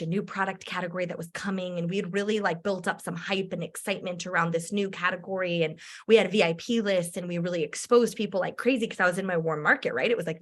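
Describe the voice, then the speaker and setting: A woman, a direct-sales entrepreneur, telling a personal story in a chatty, animated way with lots of filler words. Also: on the low side.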